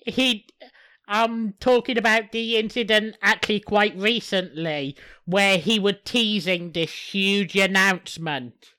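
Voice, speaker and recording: A woman's voice: medium pitch, takes it slowly, bright, forceful tone, smooth. A woman from the UK co-hosting a casual podcast chat, who swears often and talks in emphatic bursts. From United Kingdom. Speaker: podcast co-host.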